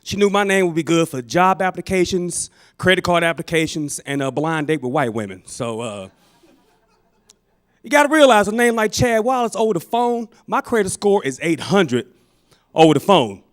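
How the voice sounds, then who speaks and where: A man from St. Louis doing a stand-up comedy set on a club stage, animated and slipping into character voices. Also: sits high, moderate pace. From St. Louis, Missouri.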